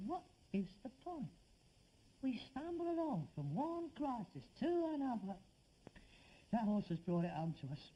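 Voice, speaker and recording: A man's voice: sits high, husky, highs cut off, full character voice. A man with a London Cockney accent playing Harold, a weary, sarcastic rag-and-bone son in a 1960s TV sitcom, swinging between mock grandeur and despair. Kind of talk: 1960s television sitcom acting.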